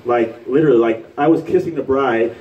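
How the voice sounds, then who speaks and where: Doing live stand-up in a bar in front of an audience, a man from Puerto Rico speaks a little fast in a mid-range voice. He rambles loosely with fillers and acts out quotes. The mic is distant and the audio dull.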